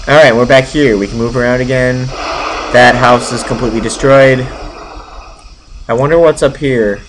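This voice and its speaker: A man's voice: mid-range voice, steady tone, normal speed, background noise. A man giving let's play commentary in a sarcastic way, mocking the game's dialogue as he plays. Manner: sarcastic, mocking the game dialogue in silly voices. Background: game music.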